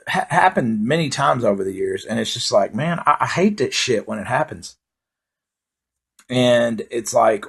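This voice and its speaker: A man's voice: medium pitch, vocal fry, breathy edge. A man delivering a rambling, profane comedic monologue in a laid-back storytelling way. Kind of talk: stand-up style comedic monologue.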